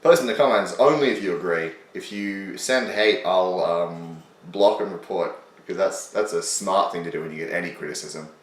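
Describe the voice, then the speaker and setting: Low-voiced guy roasting his old vid, sarcastic and sweary, sounds kinda far off in a boomy room. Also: normal speed, few pauses, roomy sound, slight background noise. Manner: sarcastic, self-mocking, swears. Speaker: host reacting to his old video. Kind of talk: casual commentary.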